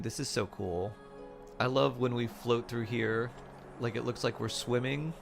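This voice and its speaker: Chatty guy streaming a game, bit of gravel in his voice, laughs a lot. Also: medium pitch, a little slow. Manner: chatty, laughs often, reads chat aloud. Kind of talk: casual gameplay commentary. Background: faint game music.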